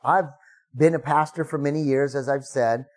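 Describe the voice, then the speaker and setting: A man's voice: a little high, fairly even intonation, moderate pace, darkish tone. A middle-aged man, a pastor, preaching a sermon in a conversational way, acting out the prayers he quotes with rising emphasis.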